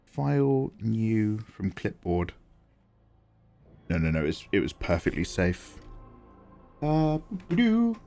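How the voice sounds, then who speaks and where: A man's voice: sits low, animated, slow, creaky, pauses often, darkish tone, soft background music. A man chatting casually and self-deprecatingly on a live art stream while he draws, reading chat aloud.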